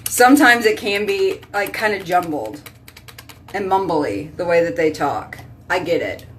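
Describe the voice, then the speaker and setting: A woman's voice: fairly low pitch, lively intonation, measured pace, a bit bright, recorded from a distance, slight background noise. A woman hosting a casual live stream, chatting with viewers by name and rambling from topic to topic. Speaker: host reading live chat.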